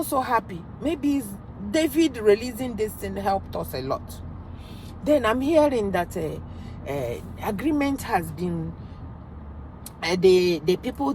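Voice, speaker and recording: A middle-aged Nigerian woman with a Nigerian accent, ranting emphatically in a commentary vlog with loud outbursts. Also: mid-range voice, a little hiss or hum. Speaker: vlogger commenting on news.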